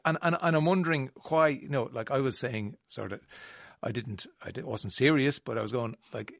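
A man from the Irish Midlands speaks with its accent as he interviews a guest. His voice has a gravelly edge and sits in a dry, close recording. He talks casually, stumbling and restarting as he works his way to each question. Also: mid-range voice, normal speed, no room sound. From Ireland. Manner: chatty, hesitant restarts.

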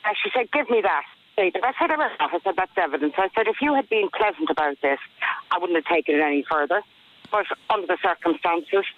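A woman's voice: lowish voice, lively intonation, fast, no echo. Woman on a tinny phone line. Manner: matter-of-fact, indignant retelling. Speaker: caller. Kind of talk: phone-in radio chat.

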